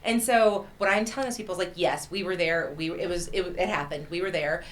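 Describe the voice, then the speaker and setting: A woman speaking as a guest in a casual interview, telling stories in a candid, animated way with frank profanity. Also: on the low side, brisk. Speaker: county party chair, guest.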